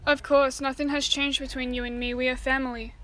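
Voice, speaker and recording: A woman's voice: sits high, flat delivery, brisk, fairly bright tone. A woman reading the part of a caring teenage girl, soothing and reassuring.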